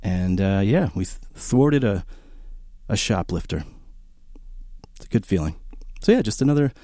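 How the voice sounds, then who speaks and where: Rambling radio DJ, mellow low voice. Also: male voice, normal speed, no echo, clean studio sound. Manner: rambling and enthusiastic, many fillers, animated storytelling. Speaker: college radio DJ host. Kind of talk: casual radio chat between records. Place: small radio studio. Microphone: studio broadcast microphone.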